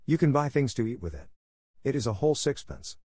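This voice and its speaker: A man's voice: lowish voice, very animated, normal speed, mellow, no room sound, studio quality. A man voicing a kind, earnest little boy in a storybook reading, speaking insistently.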